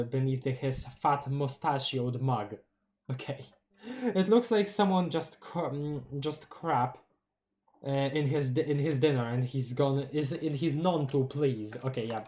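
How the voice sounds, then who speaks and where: Polish-accented streamer reading a comic aloud. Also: mid-range voice. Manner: expressive, reads captions aloud then reacts with laughs and exclamations. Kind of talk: live read-along with reactions.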